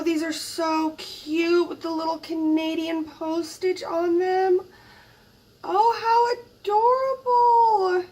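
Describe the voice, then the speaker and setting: Gushing casually over an unboxing, a woman who runs a crafting channel admires every item with soft exclamations. Her voice sits high, and the mic is placed far from her.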